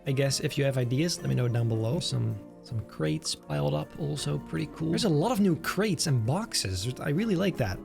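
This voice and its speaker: A man's voice: fairly high pitch, animated, moderate pace, creaky, few pauses, music in the background. A man giving casual, enthusiastic gameplay commentary, chatting and thinking aloud as he builds. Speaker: game video creator.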